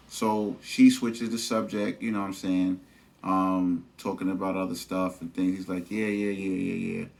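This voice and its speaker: A man's voice: lowish voice, vocal fry, a little mellow. A man telling a story to camera in a casual, slangy vlog full of fillers. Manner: conversational, slangy, lots of fillers and "you know what I'm saying". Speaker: vlogger.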